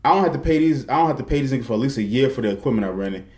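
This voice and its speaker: A man's voice: medium pitch, expressive, racing, a little mellow, echoey room. A man co-hosting a podcast, talking in casual, profane banter. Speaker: podcast co-host. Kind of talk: casual chat.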